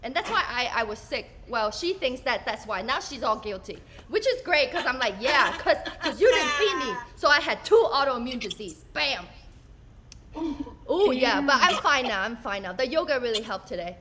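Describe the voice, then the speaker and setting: A woman comedian rattles through a stand-up set in a high, lively voice that swoops up and down. She sounds bright and sharp, pokes fun at herself and acts out the other people in her stories. Faint noise sits under her voice. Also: normal speed. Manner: chatty, self-mocking, acts out quotes. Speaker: stand-up comedian and show producer.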